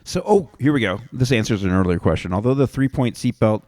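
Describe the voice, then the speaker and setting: A man's voice: mid-range voice, animated, fairly quick, a little mellow, no room sound, studio quality. A man from Canada co-hosting a comedy podcast, reading out facts and breaking off into crude jokes. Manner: reads facts aloud, then riffs with crude jokes. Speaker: podcast co-host presenting the research. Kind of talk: casual comedy podcast chat.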